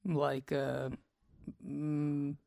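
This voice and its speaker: A man's voice: a little high, completely flat delivery, extremely slow, gravelly, darkish tone, dry recording, clean studio sound. A man, a comedian co-hosting a podcast, adding brief wry interjections in casual chat.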